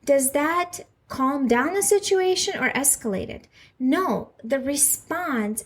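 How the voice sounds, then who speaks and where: A woman in her thirties talks through a solo parenting podcast in a slightly high voice. She speaks earnestly and reassuringly, often turning to the listener with questions. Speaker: podcast host, mother.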